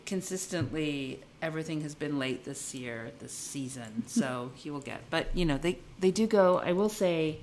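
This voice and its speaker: Female co-host, deep-ish voice, chatty and giggly, loose unfinished sentences. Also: moderate pace, few pauses, darkish tone, a little hiss or hum. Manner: chatty, laughs often, trails off mid-sentence. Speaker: podcast co-host. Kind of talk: casual chat. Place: yarn shop. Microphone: recorded on camera.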